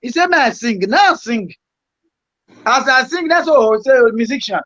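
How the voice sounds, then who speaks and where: A man with a Nigerian Pidgin accent, a guest musician telling his story in a rambling, halting way. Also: extremely high pitch, animated, fairly bright tone, no room sound, highs cut off.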